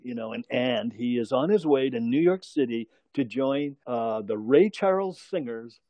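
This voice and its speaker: Older guy rambling through an old story, chuckles a lot, warm mellow tone, kinda dull dry sound. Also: medium pitch, animated, normal speed, no room sound. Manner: rambling, chuckling often, self-correcting. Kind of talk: casual anecdote telling.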